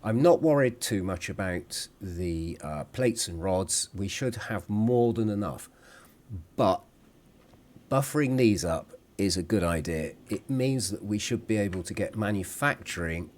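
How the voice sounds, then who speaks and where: A man's voice: lowish voice, lively intonation, a little slow, a little mellow. A man giving chatty, casual commentary over his own gameplay, at times apologising and humming to himself.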